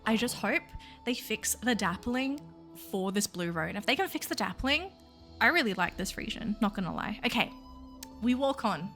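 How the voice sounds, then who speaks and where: A woman hosting a game video, talking excitably and gushing to her viewers. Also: fairly high pitch, moderate pace, soft background music. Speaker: VTuber game video host.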